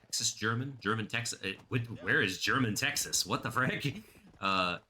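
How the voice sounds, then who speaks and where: A man's voice: on the low side, expressive, normal speed, sharp tone, a little hiss or hum. A man streaming a game, rambling casually and chatting with his viewers. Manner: rambling, chatty, reads chat aloud. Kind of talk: casual gameplay commentary.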